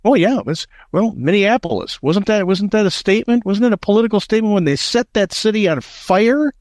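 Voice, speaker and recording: A man's voice: high-pitched, expressive, brisk, darkish tone, dry recording, studio quality. An American man hosting political talk radio, emphatic and indignant, often repeating words as he builds a point. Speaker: radio talk show host.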